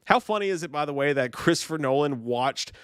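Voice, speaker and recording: A man hosting a live movie news stream, talking in an excitable, profane, rambling way while reading chat. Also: fairly high pitch, fairly quick, clean tone, dry recording, studio quality.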